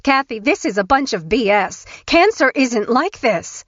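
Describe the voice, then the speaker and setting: A woman's voice: on the high side, animated, a little slow, a bit bright, dry recording, voice pushed up. A woman voicing a blunt, suspicious grandmother. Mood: confronting. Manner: blunt, pressing questions. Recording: dull, dry studio recording.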